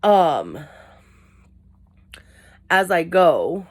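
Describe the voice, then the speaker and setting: A woman's voice: lowish voice, very animated, very slow. A young adult woman talking to her camera in a candid, rambling, self-deprecating way. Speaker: vlogger. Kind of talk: casual talk to camera.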